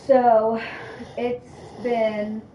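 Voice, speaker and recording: A woman's voice: a little high, drawn-out words, reverberant, distant mic, lo-fi sound, slight background noise. A woman telling a personal story in a casual chat, quoting others as she goes. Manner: animated storytelling, quoting others, laughing often.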